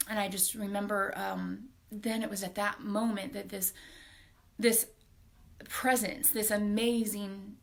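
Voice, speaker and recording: A woman in her forties hosting a live stream, telling a personal story in a heartfelt, halting way with soft laughs. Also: mid-range voice, gravelly. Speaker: host.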